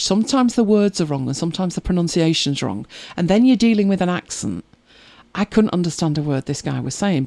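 A woman's voice: on the low side, mellow, no echo. A woman hosting a casual live chat, rambling through stories and viewer comments with frequent laughs. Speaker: livestream host reading viewer comments.

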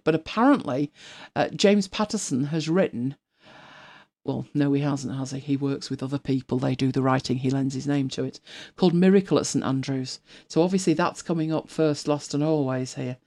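A woman's voice: deep voice, vocal fry, darkish tone. Chatty woman in her fifties. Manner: chatty, rambling, laughs often, drops to a whisper at times. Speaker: podcast co-host. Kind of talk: casual chat.

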